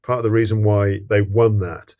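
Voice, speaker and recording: A man appearing as a podcast guest, chatting casually about a film in a thoughtful, hesitant way, often pausing to search for words. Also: fairly low pitch, level tone, mellow. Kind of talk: casual film-discussion chat.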